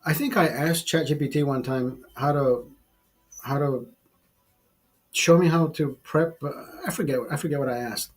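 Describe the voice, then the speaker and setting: A man's voice: a little high, normal speed. Profane man rambling on a livestream. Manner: profane, rambling, laughs at his own jokes. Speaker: livestream host. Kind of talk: casual livestream chat. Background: bar setting.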